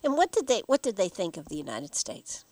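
A woman's voice: mid-range voice, huge pitch swings, brisk, a little mellow, no room sound. A woman hosting a casual interview, asking questions in a hesitant way with many fillers. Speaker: interviewer, host.

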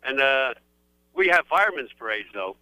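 A man's voice: mid-range voice, sing-song, normal speed, pushed and bright, smooth, no room sound, poor audio. A man from New York, playful and laughing often in a casual live radio interview.

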